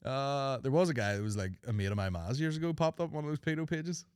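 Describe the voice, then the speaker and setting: A man's voice: medium pitch, lively intonation, quick pace, a little mellow, smooth, no echo, studio quality. A man in his thirties with a Northern Irish accent, hosting a comedy podcast with crude, sweary, jokey chat. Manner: crude, sweary and jokey, slipping into mock voices. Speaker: podcast host.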